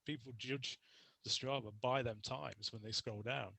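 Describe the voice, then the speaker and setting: A man's voice: medium pitch, steady tone, measured pace, creaky, pushed and bright, breathy edge, dry recording, low-quality recording. A young adult man chatting as a podcast guest, telling casual stories and laughing often. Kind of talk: casual interview chat.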